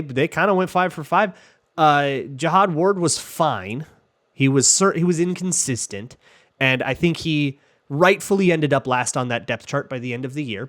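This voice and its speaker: A man's voice: on the high side, a bit bright. A man hosting a football talk show, answering listener questions in a loose, joking way with lots of fillers and restarts. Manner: chatty, jokey, many fillers and restarts. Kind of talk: casual chat.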